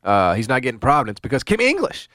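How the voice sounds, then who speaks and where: A man's voice: mid-range voice, huge pitch swings, quick pace, fairly bright tone, no echo, clean studio sound. A middle-aged man hosting casual sports talk, rambling with many restarts and fillers.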